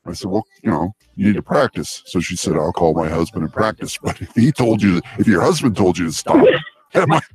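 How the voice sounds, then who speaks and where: Low-voiced, lively male podcast host. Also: fairly quick, husky, rough recording. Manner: laughing, stammering, playful. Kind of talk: casual comedy podcast chat.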